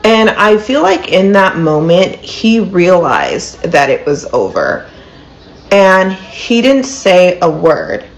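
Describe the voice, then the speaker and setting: A woman's voice: fairly low pitch, very animated, takes it slowly, soft background music, low-quality recording. A woman in her thirties telling a personal story to camera, earnest and full of "like" and "um". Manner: earnest, many fillers like "like" and "um". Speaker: storyteller in a played clip.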